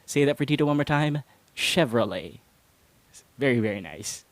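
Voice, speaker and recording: A man's voice: a little high, lively intonation, quick pace, dry recording. A man hosting a casual English pronunciation lesson, playful and chuckling often as he drills listeners. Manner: playful, chuckles often, calls himself Tito. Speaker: English pronunciation teacher and host.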